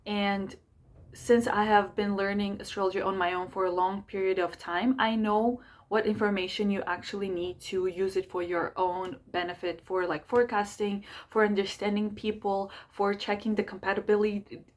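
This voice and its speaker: A young woman astrologer and channel host, talking fast and energetically in a chatty monthly horoscope video, with many fillers. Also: mid-range voice, little pitch movement. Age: young adult. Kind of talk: fast casual monthly horoscope talk to camera.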